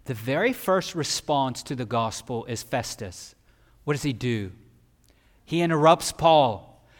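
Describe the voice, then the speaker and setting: A male pastor preaching a sermon emphatically, swinging from loud peaks down to quiet. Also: mid-range voice, animated, measured pace. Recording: long hall reverb.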